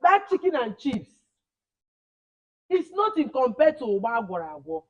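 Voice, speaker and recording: Animated woman teaching children. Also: sits high, moderate pace, highs cut off. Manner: animated, repeats words for emphasis. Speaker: camp teacher.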